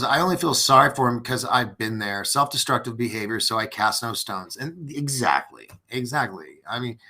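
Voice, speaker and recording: Gravelly, bright-voiced male stream host. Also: medium pitch. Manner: rambling, many restarts and fillers, earnest. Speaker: podcast host. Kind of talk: casual live-stream chat reading viewer comments.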